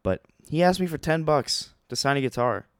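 A young man telling a rambling, excitable story in a casual vlog, with many fillers and restarts. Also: a little high, normal speed, clear, resonant tone, no echo, clean studio sound.

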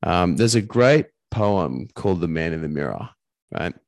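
A man's voice: sits low, lively intonation, moderate pace, gravelly, no room sound. A man, a coach and podcast guest, talking earnestly and emphatically in casual conversation, swearing now and then.

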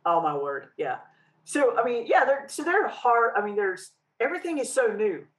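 A woman's voice: on the high side, very animated, moderate pace, poor audio. A woman co-hosting a casual chat, speaking in a reflective, searching way. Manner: reflective, many fillers and restarts. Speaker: podcast co-host.

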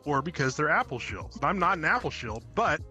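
Blunt, very bright-voiced young man. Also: on the high side, big pitch swings, a little fast, faint music behind. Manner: blunt, opinionated, heavy swearing. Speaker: podcast guest. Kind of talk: casual chat.

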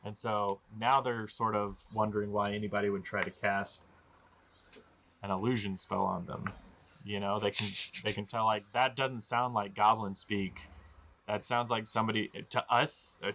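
Bright-voiced male game master. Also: on the low side, steady tone, normal speed, slight background noise. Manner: rambling, joking, many fillers. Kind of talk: narrating a tabletop game.

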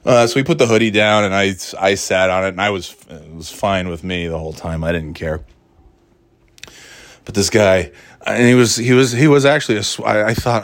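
A man spins a rambling, profanity-laced story in a low-pitched voice. The sound is dry and close, with no room echo. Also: steady tone, moderate pace. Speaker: parent telling a story. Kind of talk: casual storytelling monologue.

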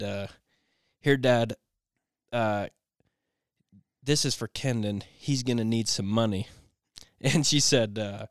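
Casting: male host, smooth clear voice, close and dry, rambling storyteller. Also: mid-range voice, dry recording. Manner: rambling, storytelling with many restarts. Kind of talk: casual conversation.

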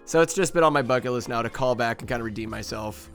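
Dude from norcal doing a rambly crude comedy podcast, laughs a lot. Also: male voice, mid-range voice, fast talker, soft background music. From Northern California. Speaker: podcast host.

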